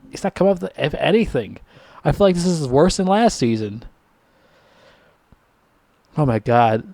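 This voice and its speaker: A man's voice: mid-range voice, darkish tone, dry recording. A man giving a casual, profanity-laced rant reviewing a TV season, his voice jumping sharply upward when he gets annoyed. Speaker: TV show reviewer.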